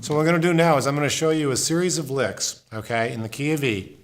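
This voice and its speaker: A man giving a casual guitar lesson, explaining in a relaxed way and repeating words as he demonstrates. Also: mid-range voice, quick pace. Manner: relaxed, thinks aloud, repeats words while playing. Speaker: guitar teacher. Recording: guitar music in the background. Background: acoustic guitar playing.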